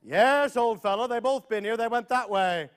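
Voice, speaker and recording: A man's voice: extremely high pitch, normal speed, noisy background. Folksy country shopkeeper, helpful, plain-spoken, man voicing.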